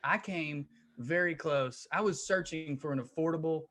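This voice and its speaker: A man's voice: fairly high pitch, normal speed, fairly bright tone. Wry, cynical man. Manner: dry, wry, cynical asides. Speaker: podcast co-host. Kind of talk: casual podcast banter.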